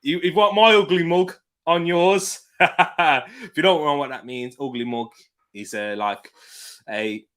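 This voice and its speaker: Sitting back from his desk mic, this British man runs a live football watch-along, reading viewer comments aloud, laughing a lot and chatting casually. His voice is a little high and a bit bright, and he takes his time.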